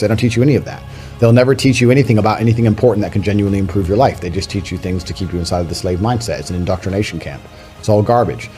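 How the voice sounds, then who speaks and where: A man arguing his views insistently as a podcast guest, dismissive in tone, climbing loud and high when worked up. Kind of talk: argumentative talk.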